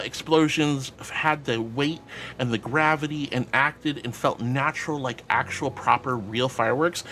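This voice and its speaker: A man's voice: fairly high pitch, fairly bright tone, a little hiss or hum. A man streaming live and reading out chat, bubbly and affectionate, calling viewers sweetie.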